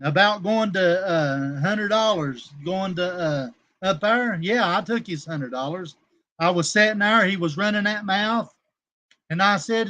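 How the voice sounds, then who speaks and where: A man runs a casual livestream in an unhurried, sharp-toned voice that sits high for a man. He wanders from topic to topic, turns argumentative and vulgar, and pauses to say hello to chat viewers by name.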